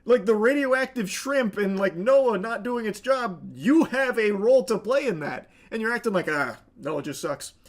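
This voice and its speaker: A man's voice: very high-pitched, lively intonation, normal speed, few pauses. A man hosting and commenting on a clip, ranting in a sardonic, profane way. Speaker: host.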